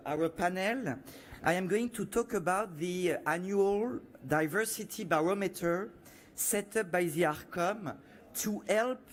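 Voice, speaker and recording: A man with a French accent giving a prepared conference presentation as a panelist, measured and dotted with "uh" fillers. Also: sits high. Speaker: panelist from a media regulator.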